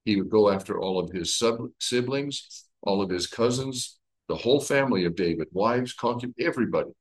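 A man leading a conversational Bible study, retelling the story with lively everyday comparisons. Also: fairly low pitch, brisk, poor audio. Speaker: Bible teacher.

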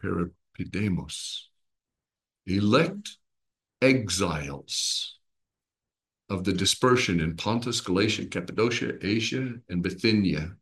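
A man's voice: on the low side, a bit bright. A man teaching a small Bible study group in a conversational way. He asks his listeners questions and acts out little voices and expressions as he explains.

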